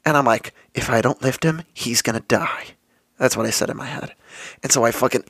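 A man's voice: mid-range voice, fairly quick, fairly bright tone, breathy edge. A young man hosting a solo podcast, telling a story in a loose, profane, filler-heavy way. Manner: casual and profane, with many fillers and quoted asides. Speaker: podcast host.

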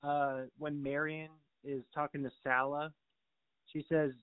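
A man with a fairly high voice steers a relaxed talk about a movie. He asks questions and answers with short, easy agreement. The sound is dry and narrow, like a phone call. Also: measured pace, clear, resonant tone, no room sound. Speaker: movie podcast co-host. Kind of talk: casual chat. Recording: tinny phone-like line.

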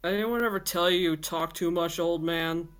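A woman's voice: fairly low pitch, normal speed, lightly acted. A woman voicing a blunt, brash young half-ogre man in a story reading. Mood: gruff. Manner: blunt, loud exclamations.

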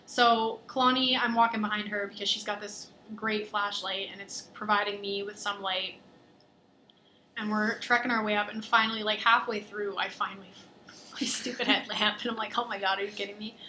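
A young adult woman hosting a podcast, telling a travel story in lively, casual chat full of fillers. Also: medium pitch, normal speed, a little hiss or hum. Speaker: podcast host.

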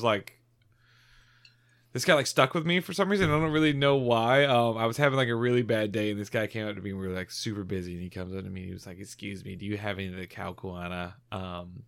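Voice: mid-range voice, fairly bright tone. Giggly, rambling podcast co-host. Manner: giggly, rambling, loose storytelling. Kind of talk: casual chat.

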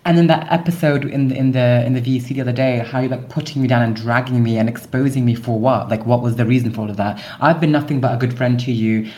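A man's voice: medium pitch, fairly even intonation, fast talker, hardly any pauses, warm tone. A young man co-hosting a comedic podcast sketch, ranting in an exasperated, defensive way. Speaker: podcast co-host.

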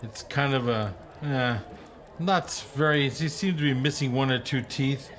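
A man's voice: medium pitch, a little slow, fairly bright tone. A man narrating a tabletop game as game master, loose and hesitant with many fillers.

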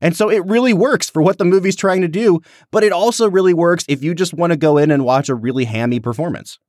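A man co-hosting a podcast, chatting casually about a film in long, animated run-on thoughts. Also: a little high, fast talker, dry recording, clean studio sound. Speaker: podcast co-host.

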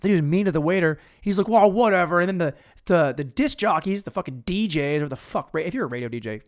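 A man's voice: on the high side, quick pace. A man casually retelling a radio story with swearing and put-on voices. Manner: casual, profane, animated retelling. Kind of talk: comedic storytelling.

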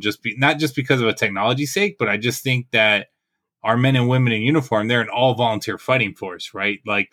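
A man in casual podcast chat, swearing heavily and telling animated stories, forever checking in with "right?". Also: lowish voice. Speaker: podcast co-host. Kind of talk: casual profane chat, storytelling.

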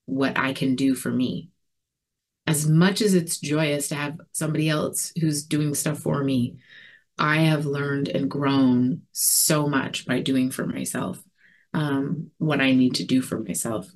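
A woman giving a personal recovery share, earnest and reflective, talking in a halting way with many fillers and restarts. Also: low voice. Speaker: recovery community speaker.

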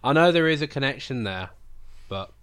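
A man's voice: medium pitch, lively intonation, normal speed, a bit bright, clean tone. A man with a British accent, co-hosting a casual podcast chat, rambling and teasing while he eats. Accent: British English. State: talking while eating. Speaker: podcast co-host.

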